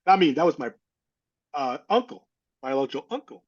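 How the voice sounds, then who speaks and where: Middle-aged man, halting earnest storytelling. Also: fairly high pitch, big pitch swings. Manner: halting, restarts and repeats words; candid and earnest. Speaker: interview guest. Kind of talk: casual personal storytelling. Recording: slightly dull lo-fi audio.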